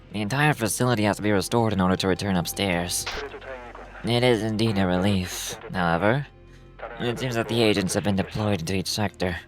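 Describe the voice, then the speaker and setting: An actor playing a composed, formal male researcher who explains things in a measured, polite way. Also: fairly low pitch, close to an everyday voice.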